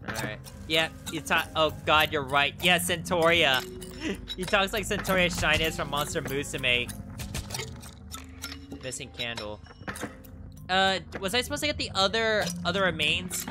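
A man's voice: fairly high pitch, a little slow, music in the background. A man streaming a game, reading its text aloud and reacting with casual swearing. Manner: swears freely, excitable reactions. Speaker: VTuber streamer.

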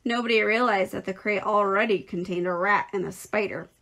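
A female teacher reads a children's novel aloud with a clear, expressive storytelling voice. Her pitch is medium and her pace brisk.

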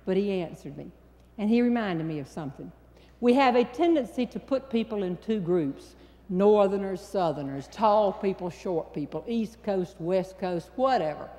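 An older woman with a North Carolina Southern accent, telling a comic story on stage in an animated, drawling way. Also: medium pitch, normal speed. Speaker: humorist. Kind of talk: stand-up storytelling. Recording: hall with long reverb.

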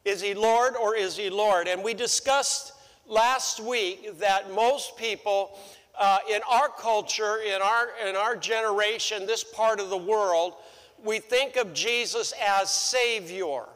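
A man's voice: high voice, takes it slowly, a bit bright. A male pastor preaching a sermon in a church, repeating phrases for emphasis. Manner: repeats phrases for emphasis, rises sharply when acting out quotes. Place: church sanctuary. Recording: long church-hall reverb.

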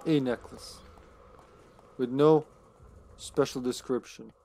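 A man's voice: mid-range voice, fairly even intonation, takes it slowly, gravelly, mellow, a little hiss or hum. A man casually commenting on his live gameplay, laughing often, taunting enemies and slipping into a put-on Austrian action-hero accent. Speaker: streamer.

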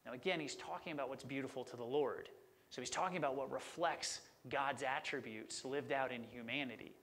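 A man's voice: mid-range voice, brisk, fairly bright tone. A middle-aged man preaching a sermon as a pastor, conversational and enthusiastic about word meanings.

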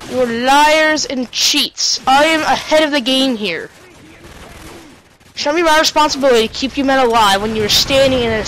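A woman's voice: high voice, a bit bright, slight background noise, poor audio. Sarcastic woman narrating a shooter game. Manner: sarcastic, jokey, talks to game characters. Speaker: let's play commentator. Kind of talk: casual gameplay commentary.

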